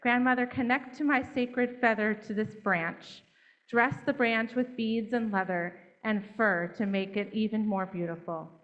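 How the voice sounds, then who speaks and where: A woman's voice: fairly high pitch, steady tone, a little slow, muffled recording, lightly acted. A woman voicing a wise, sacred eagle in a children's story, giving solemn, instructive commands.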